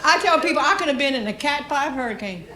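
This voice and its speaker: A woman's voice: high voice, animated, quick pace, background noise. A middle-aged woman from Louisiana with a Southern accent and a smoky voice, telling brash, profane stories in a stand-up comedy set on a club stage. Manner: brash, profane, storytelling delivery. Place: comedy club stage before a live audience. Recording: echoey club room.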